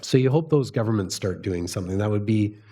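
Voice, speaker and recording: Hoarse, husky-voiced Canadian man. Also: on the low side, lively intonation, fast, dark tone. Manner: thoughtful, with frequent fillers. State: hoarse, losing his voice. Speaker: author and guest speaker. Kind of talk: live public book talk.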